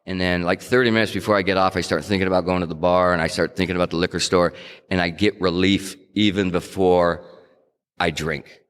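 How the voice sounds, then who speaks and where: Man, very low voice, candid, wry, self-mocking storyteller, long hall reverb. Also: steady tone, a little fast, fairly bright tone, clear, resonant tone. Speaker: speaker sharing his recovery story. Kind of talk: casual storytelling talk.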